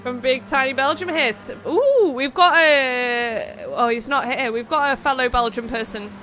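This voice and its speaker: A woman's voice: sits high, moderate pace, bright, forceful tone, slight background noise. A young woman hosting a live stream of a racing game, chatting casually, wandering off on tangents and reading out viewers' messages. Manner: chatty, rambling, reads chat aloud. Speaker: streamer and race host.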